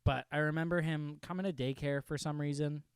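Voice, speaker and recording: A young man co-hosting a casual podcast, swearing freely and telling stories with animated energy. His voice is smooth and crisp, sitting a bit high for a man, and it sounds close and dry with no room echo. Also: fairly quick. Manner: profane, animated storytelling. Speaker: podcast co-host. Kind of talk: casual chat.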